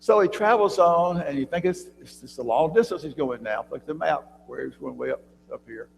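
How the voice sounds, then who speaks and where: A man teaching a church Bible class, talking conversationally, often quizzing his listeners with questions and clearing his throat, recorded in a church room with long reverb and a faint hum. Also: a little high, lively intonation, brisk. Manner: frequent throat clearing and restarts.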